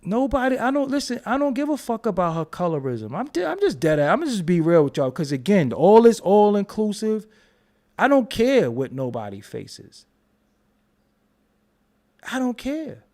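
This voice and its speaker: A man's voice: sits high, wildly swooping pitch, moderate pace, dark tone. A young man who hosts a commentary vlog and rants bluntly, cursing and repeating himself. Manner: blunt, profane, repetitive. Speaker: commentary channel host. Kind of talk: ranting commentary.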